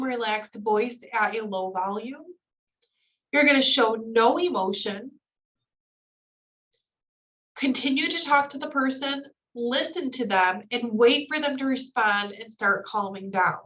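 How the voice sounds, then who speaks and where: A woman's voice: on the high side, a bit bright. Woman trainer on a distant, dull mic. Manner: reads slides then explains in casual asides. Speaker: new-hire trainer. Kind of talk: recorded training lecture.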